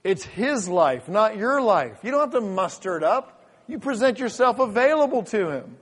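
A man's voice: sits high, very animated, moderate pace, a bit bright, slightly rough. A man preaching a sermon as pastor in a church, fervent and full of repeated restarts. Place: church sanctuary. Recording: long hall reverb.

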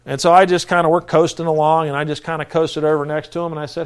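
A man preaching in a conversational style, telling a personal story with lively energy. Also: on the high side, fast, clear, resonant tone.

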